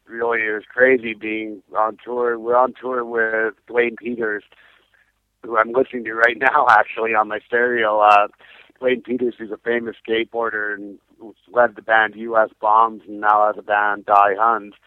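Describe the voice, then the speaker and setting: Brief: punk singer on the phone, chatty storyteller who laughs a lot, dry close sound over a tinny line. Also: male voice, fairly low pitch, normal speed, no echo. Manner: animated storyteller, laughs often, acts out quotes. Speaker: punk band singer, interviewee. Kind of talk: phone interview, casual storytelling.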